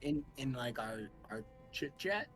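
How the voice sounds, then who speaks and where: A man playing in a casual tabletop game, hesitant and fumbling, filling pauses with "uh". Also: medium pitch, lively intonation, fairly bright tone, faint music behind. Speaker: player.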